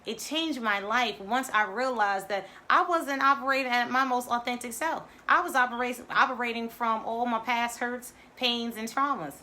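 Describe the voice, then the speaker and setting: A woman's voice: on the high side, normal speed, few pauses, bright, forceful tone. A woman hosting a live-streamed spiritual talk as a coach. She speaks to her viewers directly and stresses her points by repeating them. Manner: emphatic and repetitive, addressing viewers directly.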